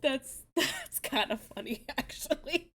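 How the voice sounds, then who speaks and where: A young woman hosts a casual live stream, her voice sitting a little high. She chats loosely with her viewers and swears freely as she reacts to their tabletop stories. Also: animated, a little slow, a bit bright. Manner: chatty, swears freely, reacts with gasps and laughs. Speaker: streamer host.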